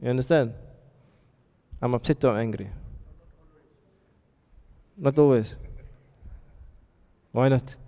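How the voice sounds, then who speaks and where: A man's voice: medium pitch, slow pace, pauses often, dark tone. A man teaching a classroom lesson, often stopping to ask his students questions and check they are following. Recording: reverberant hall sound.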